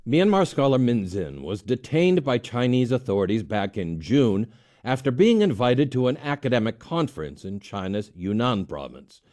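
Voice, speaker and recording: A man filing a measured news report as a foreign correspondent. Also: medium pitch, dark tone.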